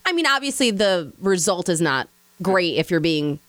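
A chatty woman in her forties hosts the conversation, effusive and full of quick asides. Her pitch swings widely. The recording is dry and close. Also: big pitch swings, fairly bright tone, dry recording. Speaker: host. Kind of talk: casual interview chat.

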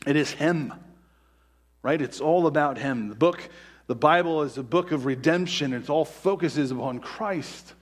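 Emphatic male pastor preaching. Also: on the high side. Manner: emphatic, slows down to stress key words, many "right?" asides. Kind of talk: sermon.

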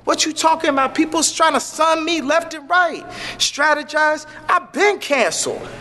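Impassioned high-voiced man. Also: normal speed, pushed and bright, big-room sound. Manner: preachy, impassioned, rambling. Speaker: interview guest. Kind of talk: animated interview talk.

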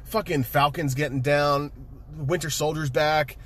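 Excitable, swearing man recapping a movie. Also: fairly high pitch, unhurried. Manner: excitable, profane, laughs often. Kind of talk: casual chat, movie recap.

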